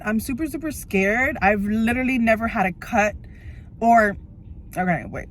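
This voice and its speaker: A woman's voice: on the high side, normal speed. Nervous woman vlogger, 30s, on the edge of tears in her car, rambling, faint hum behind. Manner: nervous, emotional, rambling with many fillers. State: teary, on the verge of crying. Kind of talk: tearful personal vlog. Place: inside a parked car.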